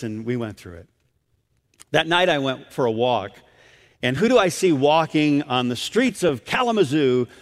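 A man's voice: mid-range voice, big-room sound. A man preaching, telling a story to a crowd and acting out the quotes. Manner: animated, acts out quotes. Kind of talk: sermon storytelling.

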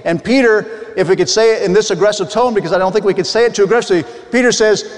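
A man's voice: high voice, racing. A man preaching a sermon earnestly, reading old scripture aloud with frequent restarts. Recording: long hall reverb.

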